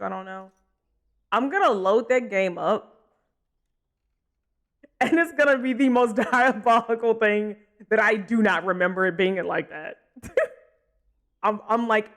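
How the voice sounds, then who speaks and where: A young adult livestreamer with a mid-range, fairly bright voice chats loosely through a gameplay session. They wander between topics, laugh easily and pause to respond to chat in this casual commentary.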